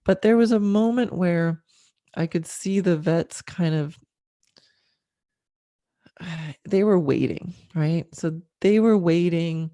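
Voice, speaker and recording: Candid woman host with a mellow voice. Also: lowish voice, slow pace, pauses often, no echo, studio quality. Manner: candid, emotional, frequent fillers and soft laughs. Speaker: podcast host. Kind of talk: personal storytelling monologue.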